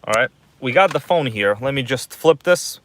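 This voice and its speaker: A man hosts a casual livestream from his parked car at night, recorded on a phone with no echo. His mid-range voice is expressive and a bit bright at a moderate pace as he chats loosely and greets viewers by name.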